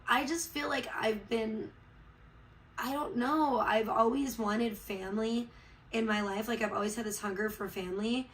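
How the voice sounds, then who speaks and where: A woman's voice: on the high side, fairly bright tone, poor audio. A woman from Chicago chatting casually on a livestream, rambling and heartfelt, with many fillers, just getting over being sick. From Chicago, USA. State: recovering from illness.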